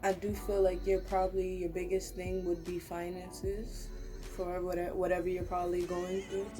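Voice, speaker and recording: A woman's voice: fairly low pitch, flat delivery, moderate pace, over music. A young woman giving a casual, rambling pick-a-card tarot reading to camera, talking earnestly and reassuringly. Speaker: tarot reader.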